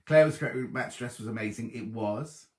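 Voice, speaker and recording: A man's voice: mid-range voice, brisk. A middle-aged man hosting a casual live stream, reading out viewers' messages and greeting them by name. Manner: chatty, reads viewer messages aloud, warm greetings. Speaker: host of a live sewing chat stream. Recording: roomy echoey live stream.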